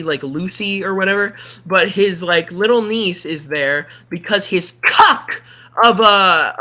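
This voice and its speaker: A streamer telling a movie plot as a comedic rant, animated and giggly, with frequent swearing. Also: medium pitch.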